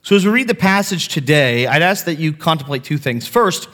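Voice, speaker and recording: Pastor with a higher voice, reverberant sanctuary. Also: male voice, lively intonation, fairly quick, fairly bright tone. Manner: conversational, self-deprecating storytelling. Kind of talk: sermon. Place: church sanctuary. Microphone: handheld mic. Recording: long hall reverb.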